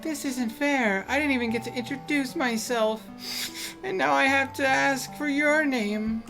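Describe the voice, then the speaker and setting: A tearful young girl lost in an endless void speaks in a small, plaintive voice that trembles at the edges, as a man puts her on. She sits high in pitch, with gentle game music playing behind. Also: unhurried, vocal fry, full character voice. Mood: flustered.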